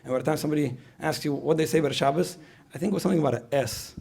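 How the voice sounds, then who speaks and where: Gravelly fast-talking male lecturer. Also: on the high side, darkish tone. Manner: repeats phrases, asks the audience questions. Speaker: speaker at a parenting retreat. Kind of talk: conversational lecture.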